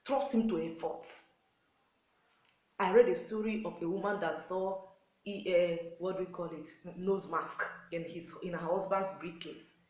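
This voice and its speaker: A woman with a Nigerian accent, married to a pastor, delivers earnest, repetitive sermon-style advice to wives on marriage, acting out quotes. Her lowish, darkish voice is a little slow with fairly even intonation. The audio is poor and reverberant.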